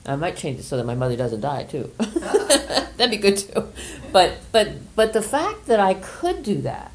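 An older woman leading a workshop group, speaking gently and hesitantly with many pauses as she explains an exercise and shares a personal story. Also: lowish voice, huge pitch swings, slight background noise. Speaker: workshop leader.

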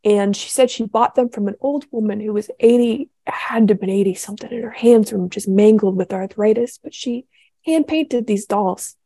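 A young woman talking through her faith in a loose, heartfelt way, circling back on herself with fillers and restarts. Her voice is mellow and gravelly with a dry, close sound. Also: mid-range voice, normal speed, no room sound. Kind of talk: casual spiritual talk.

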